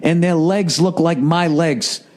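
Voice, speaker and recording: Middle-aged male podcast host with a slightly high voice, doing a profane, exasperated comic monologue. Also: slow, darkish tone. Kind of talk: comedic monologue rant.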